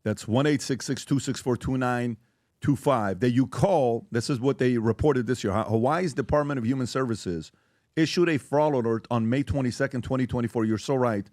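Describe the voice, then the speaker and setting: A man's voice: mid-range voice, a little mellow, no room sound, clean studio sound. Podcast host man reading out facts. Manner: reads out facts, measured. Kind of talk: casual debate.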